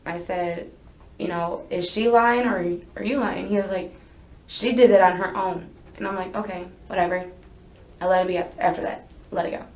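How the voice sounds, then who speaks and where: A woman's voice: on the low side, steady tone, moderate pace. A young woman telling a police interviewer what happened, rambling and unsure, hedging her memory as she goes. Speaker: witness being interrogated. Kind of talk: recounting events in a police interview. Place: interrogation room. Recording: echoey interview room.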